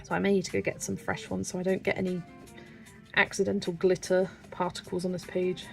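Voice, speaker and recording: Chatty British woman, slightly gravelly. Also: on the low side, completely flat delivery, fairly quick, faint music behind. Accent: British English. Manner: chatty, giggly, reads out viewer comments. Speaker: colouring channel host. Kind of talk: casual livestream chat while colouring.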